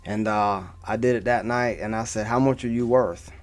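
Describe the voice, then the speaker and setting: A man's voice: on the low side, steady tone, moderate pace. Rambling man telling a story to camera. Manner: rambling, repeats "right?" and restarts. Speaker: vlogger.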